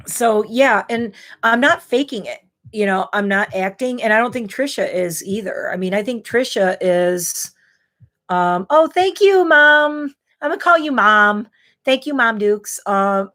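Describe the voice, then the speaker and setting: A woman's voice: medium pitch, fairly bright tone. A woman in her thirties chatting candidly and rambling on a beauty livestream, a bit tipsy from wine. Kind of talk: casual livestream chat.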